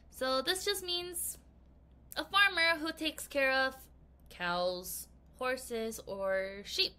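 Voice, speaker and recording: A woman teaching an English vocabulary lesson to children, reading aloud with bouncy, expressive emphasis. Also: high voice, slow, long pauses.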